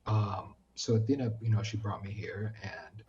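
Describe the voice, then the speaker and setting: A man from the United States, a podcast guest chatting casually, who tells animated stories and acts out what people said. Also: on the low side, moderate pace, muffled recording, a little hiss or hum. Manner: animated storyteller, acts out quoted speech. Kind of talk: casual chat.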